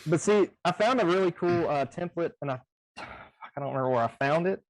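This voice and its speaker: A man in casual chat about running tabletop games, talking in an animated, rambling way with plenty of swearing, on a video call. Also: fairly high pitch, brisk, low-quality recording. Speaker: game master. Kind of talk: casual chat between game masters.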